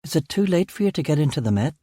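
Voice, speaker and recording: A man voicing an anxious young mother who pleads to leave the country, his voice pitched well above his own. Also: very animated, racing, mellow, slightly rough, dry recording, clean studio sound, full character voice. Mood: worried. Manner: urgent, pleading.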